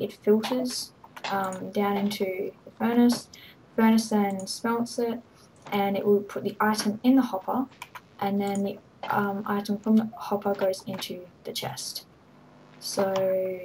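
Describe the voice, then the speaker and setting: A woman's voice: mid-range voice, darkish tone, slight background noise, low-quality recording. A woman giving a rambling, hesitant walkthrough of her game server, full of ums and little laughs. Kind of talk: casual game walkthrough commentary.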